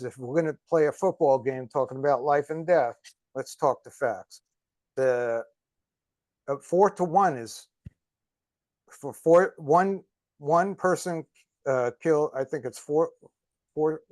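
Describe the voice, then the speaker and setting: Man, higher-pitched, emphatic and halting, dry close recording. Interview debate. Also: no room sound. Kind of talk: political interview discussion.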